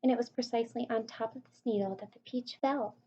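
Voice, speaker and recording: A high-voiced woman reads a children's book aloud at an easy, lightly expressive pace. The recording is muffled and lo-fi. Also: fast, husky. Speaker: reader.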